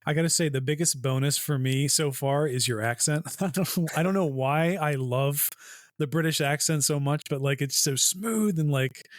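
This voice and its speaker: A man's voice: fairly high pitch, normal speed, no echo, studio quality. A man from the United States, co-host of a podcast, chatting enthusiastically and loosely with fillers. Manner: enthusiastic, chatty, laughs easily. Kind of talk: casual podcast chat.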